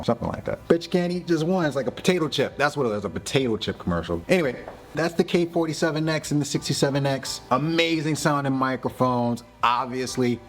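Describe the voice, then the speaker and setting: A man with a slightly low voice talks through studio gear in a casual, enthusiastic way, often repeating his praise. He's in his home recording studio, speaking into a large condenser mic on the desk. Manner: relaxed, enthusiastic, repeats phrases. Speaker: host.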